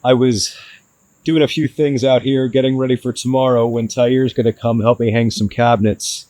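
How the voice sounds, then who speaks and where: A man vlogging his van build to the camera, frustrated and hard on himself, with halting restarts. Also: medium pitch, fairly even intonation, dark tone, no room sound, rough recording. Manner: frustrated, self-critical, talks in restarts. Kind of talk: casual DIY vlog talk to camera.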